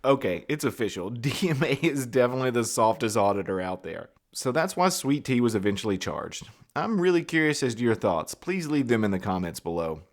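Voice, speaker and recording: Wry male commentary host, lively pitch. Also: a little fast, few pauses. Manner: wry, sarcastic remarks with short laughs. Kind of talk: scripted video commentary.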